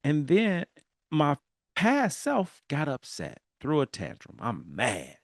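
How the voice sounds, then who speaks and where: Animated podcast host from Southern California. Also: male voice, a little high, takes it slowly, dry recording, studio quality. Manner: animated storytelling, laughing, talking to listeners directly. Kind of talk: casual solo podcast monologue.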